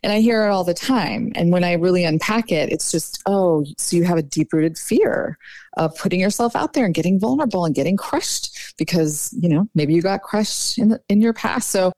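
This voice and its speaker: A woman dating coach talking casually in a podcast interview, chatty and quick to say "like" and "you know.". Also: fairly low pitch, a little mellow, no room sound.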